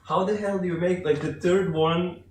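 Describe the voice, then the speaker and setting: A man with a fairly high voice asks questions in a blunt, curious, informal way. He sounds far from the microphone. The room around him rings with echo. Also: steady tone, moderate pace, over a noisy crowd. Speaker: audience member asking questions. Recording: echoey room, far from mic.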